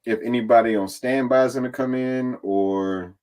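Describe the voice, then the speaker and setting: In a medium-pitched voice at normal speed, a reality competition contestant chats on a podcast as a guest, recapping events. He cusses freely and gets animated, performing other people's words as he quotes them.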